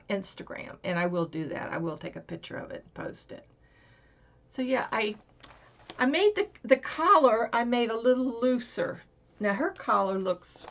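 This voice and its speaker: A woman from Florida talks casually on her crafting vlog, wandering between thoughts with plenty of fillers and restarts. Her voice has a gravelly edge. The home recording sounds muffled and dull. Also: medium pitch, a bit bright. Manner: rambling, chatty, many fillers and restarts. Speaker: crafting vlogger. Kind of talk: casual chat.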